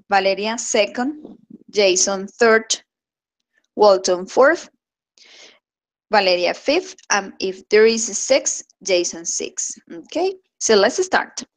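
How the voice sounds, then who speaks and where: A woman's voice: on the high side, low-quality recording. A woman teaching an English class, explaining in learner's English with many hesitations and filler sounds. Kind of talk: online class instruction.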